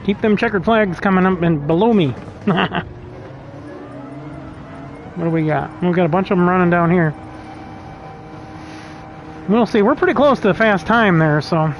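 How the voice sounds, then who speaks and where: High-voiced man chatting through a sim race. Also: measured pace, pauses often, highs cut off, a little hiss or hum. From United States. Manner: chatty, laughs often, reads lap times aloud. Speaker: sim racing streamer. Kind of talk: casual racing commentary.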